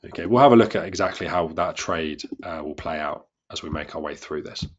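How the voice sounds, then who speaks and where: The audio is dull with slight background noise as a man with an extremely low voice talks a little fast. He's a trading instructor teaching a live class, chatty and self-mocking, often restarting and repeating himself while explaining.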